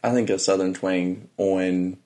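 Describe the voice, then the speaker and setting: Easygoing low-voiced male co-host. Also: steady tone, unhurried, mellow. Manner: easygoing, short replies. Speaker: podcast co-host. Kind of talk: casual chat.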